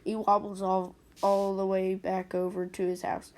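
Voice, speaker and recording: A woman telling a personal story in a casual storytime narration, animated and acting out the quotes. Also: mid-range voice, normal speed.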